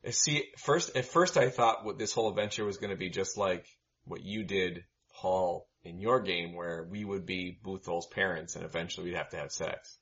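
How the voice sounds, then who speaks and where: A man playing in a tabletop game, chatting and joking in an animated way. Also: sits low, normal speed, highs cut off. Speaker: player. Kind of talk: casual banter.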